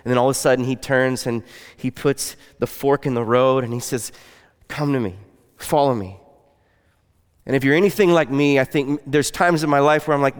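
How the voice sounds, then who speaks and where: A pastor delivers a sermon in an earnest, conversational style, his medium-pitched voice moving at a brisk pace and often sinking to something soft and quiet. The voice is smooth and resonant, trailing a long reverb from the surrounding hall.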